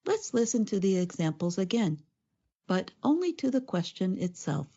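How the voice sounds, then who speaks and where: Lady co-hosting an english lesson podcast, mellow warm voice, kinda dull sound. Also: mid-range voice, sing-song, normal speed, slightly rough. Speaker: co-host. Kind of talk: scripted educational podcast.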